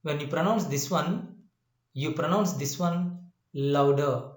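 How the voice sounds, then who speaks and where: A male English teacher giving a spoken lesson, slow and repetitive, often asking if the listener understands. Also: on the high side, roomy sound. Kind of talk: classroom-style spoken lesson.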